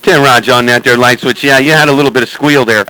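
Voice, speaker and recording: A man's voice: medium pitch, fairly even intonation, quick pace, very noisy. A man chatting and joking with other operators over CB radio, calling their handles again and again in a teasing way. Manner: teasing, repeats calls like "hey, Sandman". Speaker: CB radio operator streaming live.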